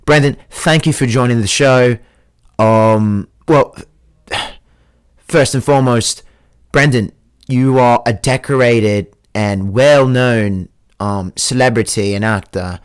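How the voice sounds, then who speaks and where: A man's voice: medium pitch, slow pace, clean tone. A young man hosting his own joking podcast alone, talking in a put-on accent that mixes British and Australian, crude, rambling and mocking himself. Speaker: host. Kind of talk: joking solo podcast monologue.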